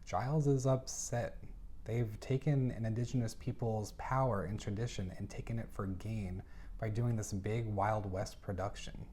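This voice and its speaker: A man's voice: fairly low pitch, steady tone, moderate pace, dark tone, slight background noise. A man giving a casual book review, recapping the plot with chatty, exasperated reactions.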